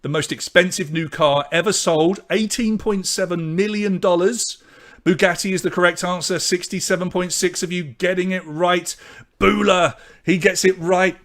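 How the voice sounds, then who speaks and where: A man hosting a live online pub quiz, from Britain, briskly reading out questions, answers and scores and chatting with viewers. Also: sits high, steady tone, fairly bright tone.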